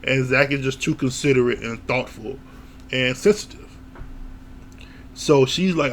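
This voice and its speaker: Man, casual recap commentary, opinionated, blunt, mid-pitched, slightly gravelly. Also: a little slow, pauses often, a bit bright, slight background noise. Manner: blunt, opinionated, laughs often, swears. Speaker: reality show reviewer.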